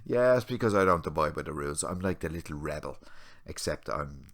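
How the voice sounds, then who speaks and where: A man's voice: extremely low pitch, lively intonation, brisk, a bit bright. An English man in his forties co-hosting a podcast, rambling and self-mocking in casual chat. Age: 40s. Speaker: podcast co-host.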